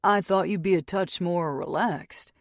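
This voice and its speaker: A woman voicing a gentle, teasing male bartender who speaks softly with a Texan accent. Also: high-pitched, a little slow, vocal fry, dry recording, clean studio sound, full character voice. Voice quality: soft voice.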